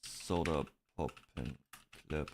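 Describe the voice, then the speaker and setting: A man's voice: extremely low pitch, slow, slight background noise. A man streaming, chatting casually about online drama in a rambling way, with restarts and bursts of laughter.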